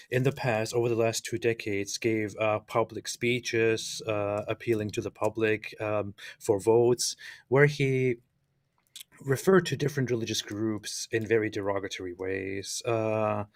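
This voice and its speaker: Low-voiced halting man, dry sound. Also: no room sound. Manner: halting, many fillers, laughs often. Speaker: co-host. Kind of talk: casual talk commentary.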